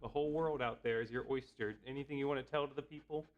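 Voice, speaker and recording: A man's voice: mid-range voice, fairly even intonation, fast, phone-quality sound, heavy background noise. A man on a casual live stream at home, playfully chatting with his dog and reading aloud into a desk microphone, laughing often.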